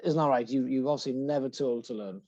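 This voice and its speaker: A man's voice: mid-range voice, fast, darkish tone. A male podcast host speaking earnestly and steadily as he wraps up an interview. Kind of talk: interview wrap-up. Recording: dull, dry lo-fi sound.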